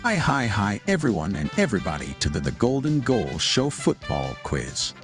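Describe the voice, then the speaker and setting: A man's voice: fairly low pitch, wildly swooping pitch, normal speed. A man giving a goofy, jokey intro to a quiz segment in a sing-song way, full of silly slang. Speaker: show segment announcer. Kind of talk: hyped comic intro. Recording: music playing behind.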